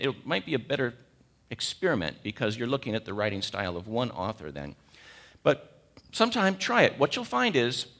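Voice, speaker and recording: A man's voice: on the high side, a bit bright. A man in his sixties with a cold, preaching a sermon, emphatic and repeating key words as he questions the congregation. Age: 60s. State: has a cold.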